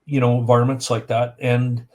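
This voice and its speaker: A man's voice: mid-range voice, measured pace. Chatty man telling a story on a podcast. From Canada. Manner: animated storyteller, acts out voices in anecdotes.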